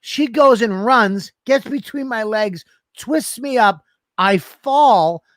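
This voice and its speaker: A man co-hosting a comedy podcast, swearing his way through a lively story on a studio microphone. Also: very high voice, takes it slowly, dry recording. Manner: animated, swearing constantly, acts out scenes. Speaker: podcast co-host.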